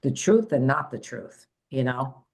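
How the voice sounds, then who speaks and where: A woman's voice: rumbling low, lively intonation, a little slow. A woman hosting a spiritual podcast as a psychic medium, talking casually with many fillers and restarts.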